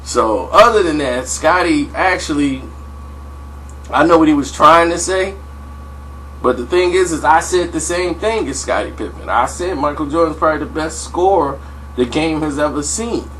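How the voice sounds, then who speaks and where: An animated man casually spinning a story with slangy asides and lots of "you know". His voice sits a bit higher than most men's, and a faint hiss runs under the recording. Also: normal speed, poor audio. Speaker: vlogger.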